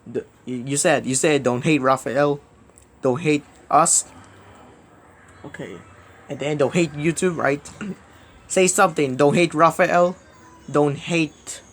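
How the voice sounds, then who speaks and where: A man making a rambling direct-to-camera plea, repetitive and halting, swinging between loud outbursts and mumbling. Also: fairly high pitch. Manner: halting, restarts words often. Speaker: video creator.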